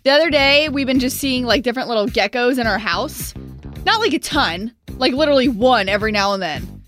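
A young woman co-hosting a morning radio show, telling stories in an animated, emphatic way. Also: a little high, brisk, soft background music. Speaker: radio co-host.

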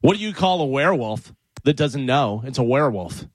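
A man's voice: medium pitch, lively intonation, fairly quick, no echo. A man on a radio show reading out corny jokes in playful studio banter.

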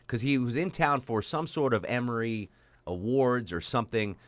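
A man's voice: medium pitch, normal speed, no room sound. A man hosting an interview, telling an anecdote in a chatty, casual way. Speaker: podcast host.

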